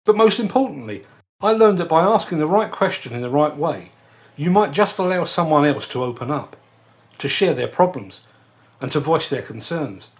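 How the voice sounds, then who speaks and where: A man hosting a podcast, telling a personal story in an earnest, measured way as a scripted monologue. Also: fairly high pitch, animated. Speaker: podcast host.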